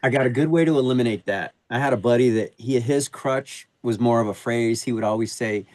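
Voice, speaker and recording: A man's voice: mid-range voice, fairly quick, dry recording. A middle-aged man talking on a podcast, spinning stories with slangy street talk and plenty of energy. His voice sits in a middle register and is recorded dry and close, with no room sound around it. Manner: animated storyteller using slangy street talk. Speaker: HVAC sales advisor, podcast guest. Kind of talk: casual podcast conversation.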